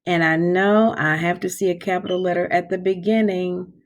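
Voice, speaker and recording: A woman teaching kindergarten, talking slowly and clearly in a sing-song voice and stretching out the hard words. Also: fairly low pitch, steady tone. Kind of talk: slow, clear classroom instruction for young children.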